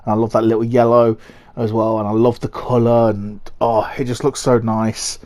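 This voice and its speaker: A man's voice: mid-range voice, flat delivery, normal speed, darkish tone. Chatty young man ranking liveries. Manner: chatty and rambling, with many fillers and restarts. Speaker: motorsport vlogger. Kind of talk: casual commentary ranking car designs.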